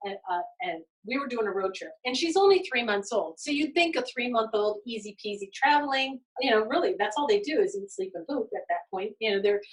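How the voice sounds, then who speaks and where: A middle-aged woman with a fairly high voice tells stories in a casual podcast chat, laughing often and acting out what people said. She sounds a little distant from the mic. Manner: animated, laughs often, acts out quotes. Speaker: podcast host.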